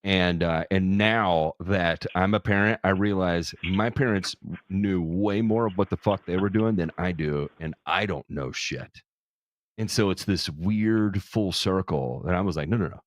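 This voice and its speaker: A man's voice: deep voice, a little slow, no echo, studio quality. A man hosting a charity livestream, talking casually in a candid, profane, self-deprecating way. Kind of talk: casual chat.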